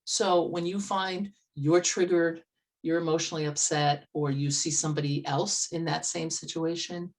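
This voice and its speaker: A woman's voice: deep voice, fairly even intonation, moderate pace. A woman motivational speaker and life coach, telling an earnest, conversational story at an online meetup over a video call from a farmhouse. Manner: earnest, conversational, with vivid retellings. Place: old farmhouse, indoors.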